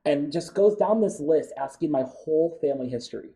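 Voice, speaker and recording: American man, very dark mellow tone, animated chatty storytelling, studio guest. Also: a little high, a little fast. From United States. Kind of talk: casual storytelling interview.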